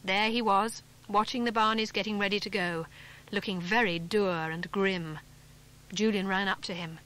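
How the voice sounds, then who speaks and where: A woman from England reading a children's adventure story aloud, clear and measured, lifting her pitch slightly for the young characters. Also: fairly bright tone. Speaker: audiobook narrator. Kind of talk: scripted storybook narration.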